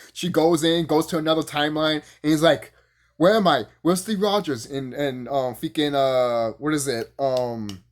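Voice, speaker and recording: Rambling and profane, a male YouTube reviewer delivers a casual take full of fillers and laughter bursts. When he gets excited, his animated voice shoots up high.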